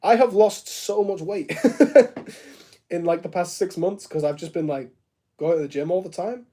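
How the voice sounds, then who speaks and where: A man's voice: high voice, unhurried, mellow. A man chatting casually on a live stream, answering viewers, joking and laughing often and filling his sentences with "like". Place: home studio room.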